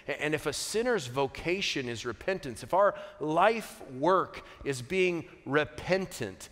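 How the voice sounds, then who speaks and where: Guy preaching slow in a big echoey hall, earnest, gets loud then quiet, cracks jokes. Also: on the high side, expressive. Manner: earnest, varies from quiet to emphatic, joking asides. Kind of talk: sermon. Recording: long hall reverb.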